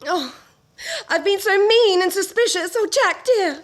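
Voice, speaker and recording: An actress playing a sweet, doting young wife in an amateur radio play, sugary and dramatic. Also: female voice, extremely high pitch, expressive, unhurried.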